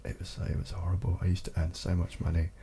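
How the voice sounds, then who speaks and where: A man hosting a comedy podcast, talking in a rambling, deadpan way. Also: sits low, quick pace, vocal fry, noisy background. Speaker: podcast host.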